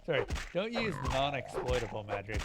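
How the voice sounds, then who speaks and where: A man's voice: medium pitch, very animated, fairly quick, loud music behind the voice. A man streaming a video game, giving casual commentary with wry, grumbling asides.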